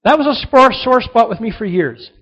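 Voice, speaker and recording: A man's voice: extremely high pitch, expressive, moderate pace. Emphatic middle-aged male youth preacher. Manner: emphatic, repeats key points, drops to soft earnest tones. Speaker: youth speaker. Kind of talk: motivational sermon to a young audience. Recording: dull lo-fi recording.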